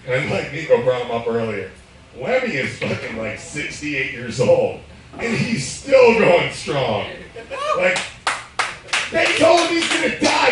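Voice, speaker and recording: A man, doing a crude, profane live stand-up set while a little drunk, laughing at his own jokes. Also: mid-range voice. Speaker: stand-up comedian. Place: bar stage, live. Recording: echoey room, distant mic, crowd noise.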